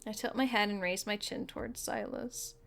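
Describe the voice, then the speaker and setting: A woman streaming a video game, reading its story text aloud in a soft, level voice. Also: medium pitch, fairly even intonation, moderate pace, vocal fry, faint music behind. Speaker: gaming streamer.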